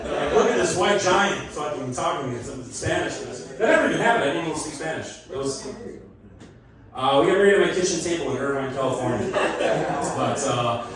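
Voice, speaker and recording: Male stand-up comic, slightly high voice, roomy club sound, heard from a distance. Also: expressive, fairly quick, crowd noise. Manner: self-deprecating, chatty, laughs at his own jokes. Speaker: stand-up comedian. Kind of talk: stand-up comedy set. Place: comedy club stage. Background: audience laughter and call-backs.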